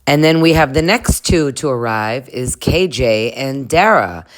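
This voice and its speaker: Speaking at a measured pace in an extremely low, animated voice, a female recap vlogger talks casually through a reality TV episode. She's chatty and crude, laughing often and imitating the people on the show.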